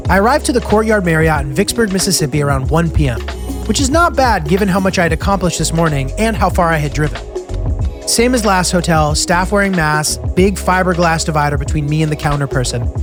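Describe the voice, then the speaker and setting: A man's voice: a little high, animated, fairly quick, music in the background. A young man from the United States narrating his road trip in a casual, self-deprecating way, full of "like" and asides. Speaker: travel vlog narrator. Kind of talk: scripted travel narration.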